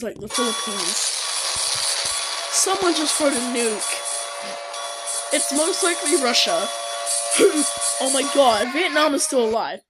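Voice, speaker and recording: Young woman yelling at her screen, high and all over the place, loud noise behind. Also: animated, slow, long pauses. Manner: bursts into shouting and shrieks. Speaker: comedian reacting to videos. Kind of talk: excited video reaction commentary.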